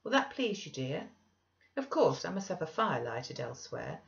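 A woman voicing an impetuous, excitable young mistress who talks breathlessly and eagerly. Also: low-pitched, moderate pace, gravelly, exaggerated voice. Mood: coaxing. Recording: dull lo-fi recording.

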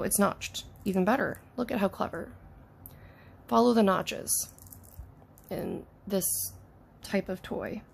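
Woman, casual unboxing chat, gushing and excitable, vocal fry, average pitch. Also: slight background noise. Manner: gushing, excitable, talks to the toys, drops into soft whispers. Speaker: toy unboxing YouTuber.

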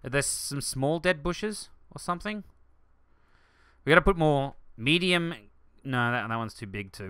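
A man hosting a let's play, rambling excitedly through gaming commentary and jumping to shouts. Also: fairly high pitch, measured pace, smooth, no echo, studio quality.

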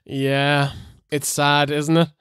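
A man's voice: fairly high pitch, flat delivery, slow, fairly bright tone, smooth, no room sound, clean studio sound. A man co-hosting a casual review show, blunt and swearing freely with frequent laughter. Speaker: podcast co-host. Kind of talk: casual wrestling review chat.

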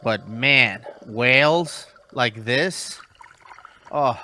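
Bright-voiced man hosting a reaction video. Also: mid-range voice, extremely slow, a little hiss or hum. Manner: exasperated and dry with his co-host, excited about the clips. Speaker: host. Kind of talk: casual reaction-video chat.

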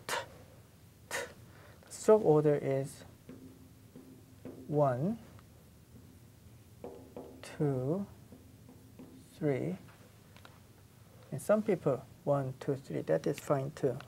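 A woman's voice: low voice, vocal fry, dark tone, a little hiss or hum. A middle-aged Korean woman with a Korean accent, whose first language is Korean, teaching a language class in English and patiently repeating sounds for students to copy. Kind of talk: classroom lecture.

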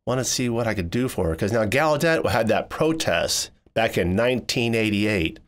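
Lively low-voiced male storyteller. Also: moderate pace. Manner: expressive, jumps high when quoting people. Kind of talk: first-person storytelling narration.

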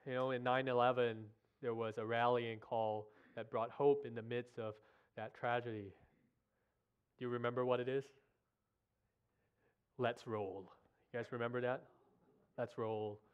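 Male guest preacher, earnest and emotional, halting delivery, smooth voice, muffled lo-fi recording. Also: medium pitch, flat delivery. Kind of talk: sermon. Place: church sanctuary.

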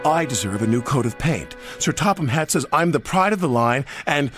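A man's voice: mid-range voice, animated, moderate pace, voice pushed up, natural voice. A man voicing a vain, boastful male steam engine with a haughty, show-off manner. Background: music.

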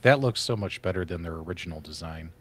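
A man's voice: low-pitched, fast talker, husky. A man co-hosting a casual podcast chat, friendly and steering the topics. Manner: lively, friendly, leads topics. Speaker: co-host.

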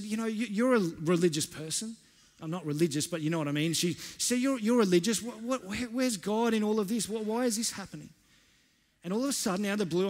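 A fairly high-pitched man preaches in a loose, storytelling way, often restarting his sentences. His voice rings out with a long reverb from a church hall. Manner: storytelling, conversational with frequent restarts. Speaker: pastor. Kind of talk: sermon.

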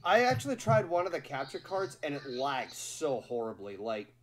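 A man's voice: a little high, very animated, normal speed. A man streaming games and chatting casually, rambling with lots of fillers. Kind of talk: casual chat on a game stream.

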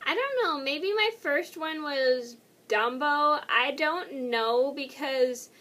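Chatty high-voiced young woman vlogger. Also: lively intonation, takes it slowly, sharp tone. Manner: rambling, self-correcting, chatty. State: tired and yawning. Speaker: YouTuber. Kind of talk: casual vlog answering tag questions.

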